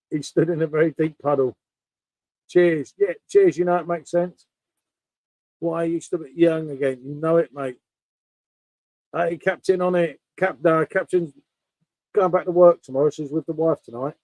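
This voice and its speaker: Male stream host, loose matey ramble, warm and dry. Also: a little high, fairly even intonation, normal speed, no echo, low-quality recording. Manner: rambling, matey, talks to viewers. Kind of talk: casual chat, beer tasting stream.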